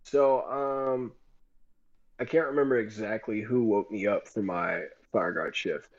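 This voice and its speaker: A man's voice: lowish voice, unhurried, dull audio. A young man casually telling a rambling, profane story on a group voice call. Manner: profane, rambling, animated retelling.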